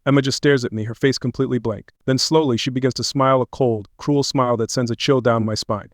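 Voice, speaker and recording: A man narrates a first-person dramatic audio story at a brisk clip, tense and earnest throughout. His voice sits at a middling pitch and sounds close and dry, with no room around it. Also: steady tone, no echo.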